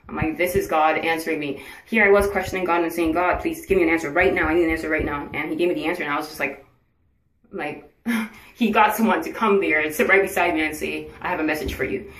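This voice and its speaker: A woman's voice: deep voice, brisk. A tired woman telling a personal story in a casual vlog, earnest and acting out what others said to her. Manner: earnest, retells conversations in quoted speech. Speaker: vlogger sharing her cancer journey. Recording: echoey room, voice from a distance.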